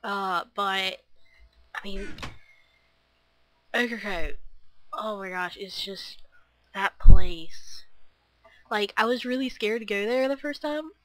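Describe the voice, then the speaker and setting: A woman's voice: medium pitch, fairly even intonation, takes it slowly, a bit bright, dry recording. A young woman chatting to camera in a scattered, rambling way, full of fillers and restarts. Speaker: vlogger. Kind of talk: rambling casual chat.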